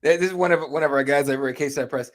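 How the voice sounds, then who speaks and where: Easygoing man from Arizona, slightly high voice. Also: very fast. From Arizona, USA. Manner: easygoing, laughs often, agreeable. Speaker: podcast co-host reading live chat. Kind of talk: casual podcast chat.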